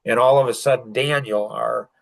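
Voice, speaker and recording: Older man, halting emotional retelling. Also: medium pitch, steady tone, dry recording, poor audio. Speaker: podcast guest. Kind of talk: personal storytelling.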